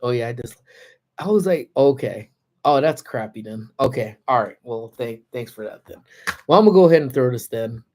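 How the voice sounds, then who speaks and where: A man's voice: mid-range voice, lively intonation, brisk, darkish tone. A man hosting a casual lunch-break livestream, telling a story and greeting viewers by name. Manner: chatty, reads out viewer names. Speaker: livestream host. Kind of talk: casual live chat.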